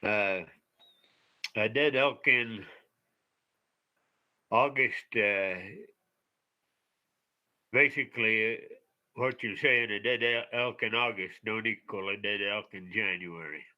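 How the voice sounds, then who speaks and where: A man on an advisory council putting questions at a public meeting, halting and searching for his words. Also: on the low side, steady tone, dull audio.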